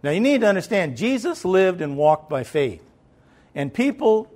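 A man's voice: a little high, sing-song, moderate pace, darkish tone. A man preaching a sermon in a loose, conversational way, with many fillers and swells of emphasis.

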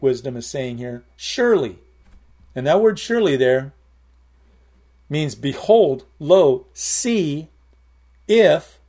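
A middle-aged man preaches a sermon in a loose, conversational way. His voice sits a little high, and he often repeats or restarts words. He slows down to lean on the key lines. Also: mellow.

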